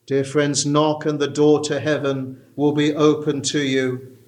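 A man preaching a sermon, slow and emphatic, climbing higher when he pleads with his listeners. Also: flat delivery, darkish tone. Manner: earnest, slow and emphatic, rising in pitch for pleading passages.

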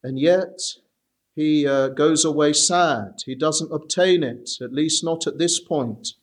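Man, slightly higher voice, preaching, measured and earnest, pauses with uh. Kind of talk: expository sermon.

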